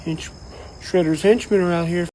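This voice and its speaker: Man, ranting commentator, slightly higher voice, profane rambling delivery, crickets faint behind. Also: normal speed, a little hiss or hum, low-quality recording. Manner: profane, rambling, animated, quotes people in mock voices. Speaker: online commentator. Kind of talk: casual rant to camera.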